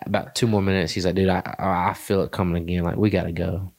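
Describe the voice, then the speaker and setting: A man's voice: deep voice, little pitch movement, quick pace, a little mellow. A man hosting a podcast, telling a hunting story in a rambling, casual way with many fillers. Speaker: podcast host. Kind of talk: casual chat.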